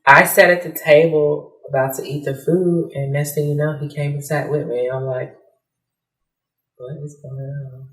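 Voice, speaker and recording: A woman giving personal testimony in a soft, hesitant way, with many fillers, acting out the lines of others as she recounts. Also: low voice, steady tone, normal speed, hardly any pauses. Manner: acts out quoted dialogue. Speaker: interviewee. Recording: roomy, mic at a distance.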